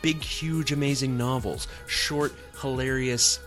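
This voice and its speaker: A man's voice: mid-range voice, steady tone, unhurried, fairly bright tone, faint music behind. A man on a podcast reading a sponsor spot in a playful, teasing way. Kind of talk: casual ad read.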